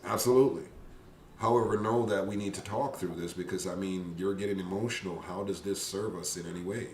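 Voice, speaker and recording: A man's voice: low-pitched, fairly even intonation. A man, a father of a big family, talking earnestly about parenting, often restarting his sentences. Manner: earnest, halting with many restarts. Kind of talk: casual talk show conversation. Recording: roomy and distant with faint noise.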